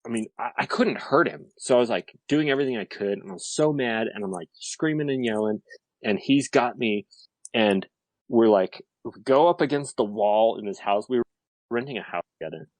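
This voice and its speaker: A man's voice: medium pitch, animated, moderate pace, dry recording, low-quality recording. A man in his thirties in casual podcast chat, telling a story animatedly with lots of fillers. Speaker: podcast guest.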